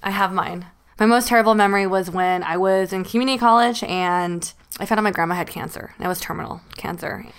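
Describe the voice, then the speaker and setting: A woman's voice: mid-range voice, a bit bright, smooth. A woman in her late twenties, a podcast host, telling a painful family memory in casual chat, close to tears and full of "like" fillers. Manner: emotional, tearful storytelling with many "like" fillers.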